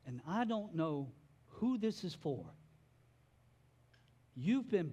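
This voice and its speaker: A man preaching a sermon as pastor, animated, with playful joking asides. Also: high-pitched, slow, long pauses, slightly rough.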